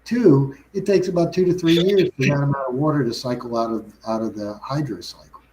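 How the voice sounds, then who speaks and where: Man, casual chat, middle pitch, tangents and self-corrections. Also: fairly quick, background noise. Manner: rambling, frequent restarts and self-corrections. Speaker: guest.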